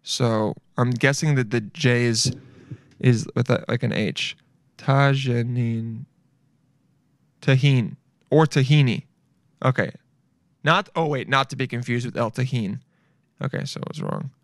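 Excitable, foul-mouthed man hosting a podcast. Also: mid-range voice, measured pace, long pauses, no room sound, studio quality. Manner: excitable, profane, thinks aloud. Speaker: podcast host. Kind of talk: casual solo podcast.

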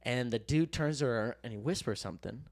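A man's voice: medium pitch, fairly quick, no echo. Young man telling a rambling story. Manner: rambling storyteller, restarts, swears, jokey. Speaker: podcast co-host. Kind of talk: casual chat.

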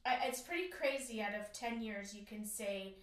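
A woman's voice: medium pitch, moderate pace, reverberant, far from the mic. A woman telling a personal story in casual conversation, acting out quotes in a raised voice. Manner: animated, acts out quoted lines in a raised voice. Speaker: guest sharing her story.

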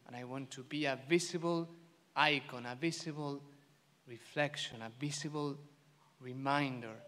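A priest preaching a homily in English, earnest and emphatic, repeating phrases with gentle asides. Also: male voice, a little high. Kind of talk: sermon. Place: church. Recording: long church reverb.

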